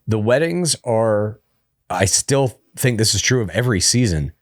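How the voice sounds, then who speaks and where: A man's voice: lowish voice, animated, a little slow, no echo, clean studio sound. A man co-hosting a podcast, chatting casually and giving opinionated takes on how a reality show is filmed. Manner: opinionated, talks about camera framing, joking. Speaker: podcast co-host.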